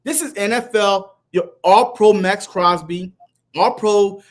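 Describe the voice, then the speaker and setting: A man's voice: high voice, slow. A man co-hosting a casual sports talk show in a playful, teasing way. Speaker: co-host.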